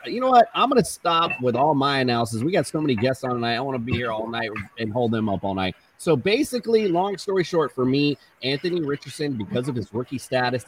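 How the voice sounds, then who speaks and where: A man hosting a casual fantasy football podcast, talking in a loose, rambling and upbeat way. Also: mid-range voice. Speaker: host. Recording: distant mic with faint noise.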